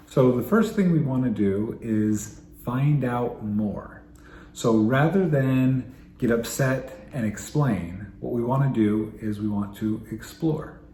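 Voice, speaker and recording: A male family therapist giving calm, explanatory parenting advice to camera, repeating his key points. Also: mid-range voice, a little hiss or hum. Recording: roomy echo, faint ambience.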